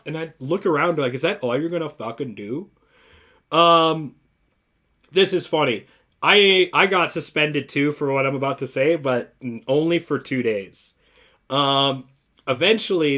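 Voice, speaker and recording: Foul-mouthed man telling a story. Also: on the high side. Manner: profane, heavy swearing; lively anecdotal delivery with voiced-out quotes. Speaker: talk show co-host. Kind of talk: casual storytelling on a podcast.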